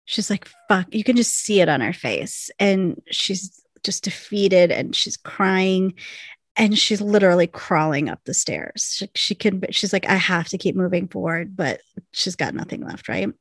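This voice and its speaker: A woman co-hosting a casual podcast, retelling TV scenes in a lively way and acting out the characters' lines. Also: medium pitch, a little slow, breathy edge, dry recording, studio quality. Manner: animated storyteller, acts out lines in the retelling. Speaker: podcast co-host. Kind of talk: casual chat.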